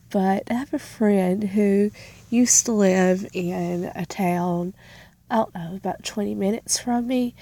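A woman's voice: fairly high pitch, warm tone. A young woman vlogging a casual question challenge, rambling and giggly as she answers. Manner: rambling, giggly, self-deprecating. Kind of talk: casual tag-challenge vlog.

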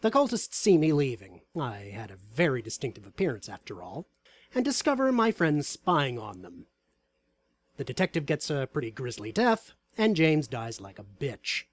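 A man reading aloud a story about a tabletop game session in a wry, deadpan way. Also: mid-range voice, normal speed, no room sound.

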